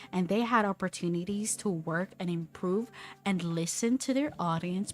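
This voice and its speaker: A woman's voice: mid-range voice, a little mellow. A young woman chatting on a livestream while she draws, rambling, swearing and laughing often. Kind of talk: casual chat while drawing.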